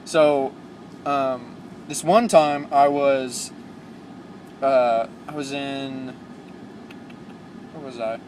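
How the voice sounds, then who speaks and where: A young man, a new truck driver, telling stories in a casual, rambling vlog, full of fillers and excited asides. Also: medium pitch, drawn-out words, pauses often, background noise.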